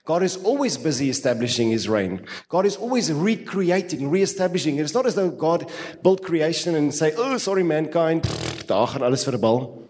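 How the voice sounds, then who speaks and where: A male pastor with a South African accent preaching a sermon with fervent, repetitive phrasing and quick asides. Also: medium pitch, a little mellow. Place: church hall. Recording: long reverb of a church hall.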